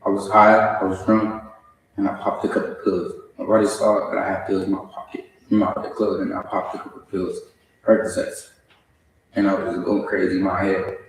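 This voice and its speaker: A young man stands before the court and speaks through tears, halting, remorseful and repeating himself. His voice sits low. The sound is a long echoing hall, picked up from well back from the microphone. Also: level tone, slight background noise. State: crying. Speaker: defendant at sentencing. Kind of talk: courtroom statement. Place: large echoey courtroom. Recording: echoey courtroom from far off.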